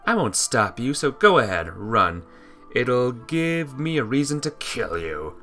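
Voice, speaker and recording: A man's voice: mid-range voice, big pitch swings, a little slow, sharp tone, faint music behind. A man voicing a scornful, hostile young female witch, reading game dialogue in a sneering, threatening way. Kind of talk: game dialogue read aloud.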